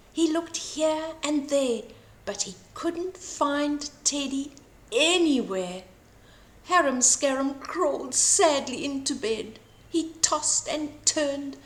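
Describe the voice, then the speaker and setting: An older woman reading a bedtime story aloud for children, slow and expressive. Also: high-pitched. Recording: roomy echo.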